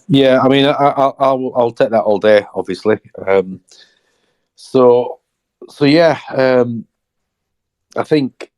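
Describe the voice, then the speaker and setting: A man's voice: mid-range voice, darkish tone. A man chatting casually as a podcast co-host, hesitant, with many restarts. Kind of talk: casual chat.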